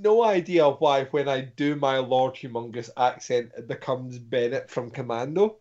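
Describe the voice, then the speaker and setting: A man's voice: medium pitch, darkish tone. Jokey man, muffled audio. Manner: rambling, jokey, quick to do voices. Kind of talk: casual podcast chat.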